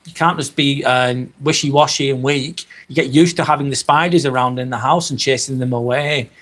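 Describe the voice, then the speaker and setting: A man's voice: mid-range voice, fairly even intonation, a little fast, fairly bright tone. A man with a Lancashire accent from Northwest England, hosting a live stream and chatting casually with his viewers, swearing freely. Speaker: livestream host. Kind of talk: live stream chat reading.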